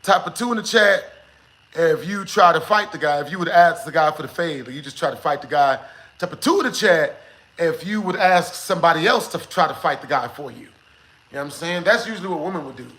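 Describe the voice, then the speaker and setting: A young man talks to his live chat in a high, bright voice. He rambles animatedly through a story, circling back with filler asides and breaking into laughter. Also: lively intonation, brisk, poor audio. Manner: laughs while telling. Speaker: live streamer.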